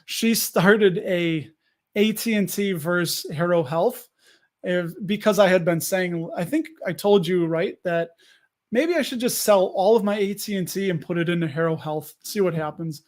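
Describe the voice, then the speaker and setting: Casual stream host, man with a high voice, loose and rambling, talks back to his chat. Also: moderate pace, darkish tone. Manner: rambling, restarts sentences, answers viewers.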